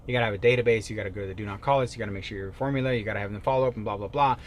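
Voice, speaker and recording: A man's voice: lowish voice, racing, slight background noise. Emphatic man coaching sales. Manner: emphatic, animated, swings between loud bursts and quiet asides. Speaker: real estate sales coach. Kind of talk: motivational coaching talk.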